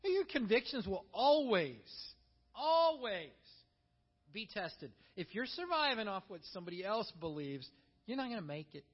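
A middle-aged male pastor preaching a sermon, telling stories with animated energy and acting out the voices of the people he quotes. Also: sits high, a little slow, husky. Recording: long hall reverb, dull lo-fi sound.

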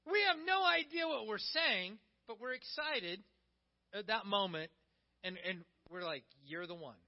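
A man preaching a conversational, animated sermon, reading scripture and then explaining it. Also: high-pitched, measured pace, highs cut off. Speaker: pastor.

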